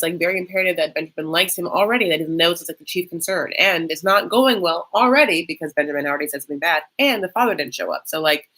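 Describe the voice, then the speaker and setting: A woman hosting a live TV reaction stream, talking casually with lots of fillers and quick, gossipy bursts. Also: lowish voice, bright, forceful tone. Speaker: reaction show host.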